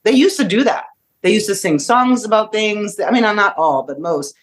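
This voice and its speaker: A woman's voice: medium pitch, moderate pace. Reflective woman in her fifties. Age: 50s. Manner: reflective, asks rhetorical questions. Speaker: podcast guest. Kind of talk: casual discussion.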